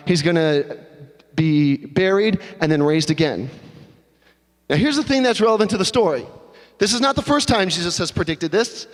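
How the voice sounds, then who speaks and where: A man preaching a sermon as pastor, in a conversational, animated storytelling manner. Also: high voice. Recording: long hall reverb.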